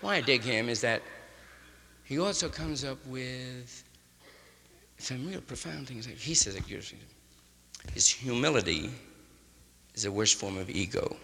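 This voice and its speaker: A man riffing loosely in hip slang, often ending lines with "man" and slipping into quick impressions of others. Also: medium pitch, animated, vocal fry, bright, forceful tone, big-room sound, slight background noise. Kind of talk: loose hipster riffing monologue.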